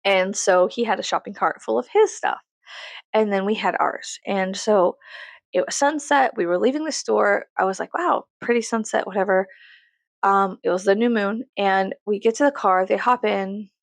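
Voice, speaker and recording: A woman's voice: medium pitch, normal speed, gravelly, dry recording. A woman, venting profanely and animatedly in a story-time vlog. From Texas, USA. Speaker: vlogger.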